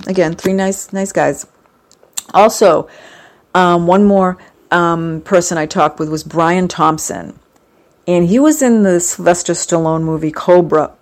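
A woman's voice: fairly low pitch, a little mellow. A woman in a casual chat, talking in a rambling, gushing way with plenty of fillers. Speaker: vlogger recounting a fan convention.

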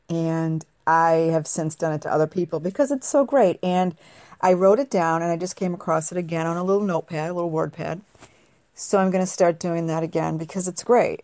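A woman's voice: lowish voice, warm tone, no room sound. Chatty woman radio host, dry studio. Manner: chatty, laughs often, acts out quoted lines. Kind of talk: casual chat.

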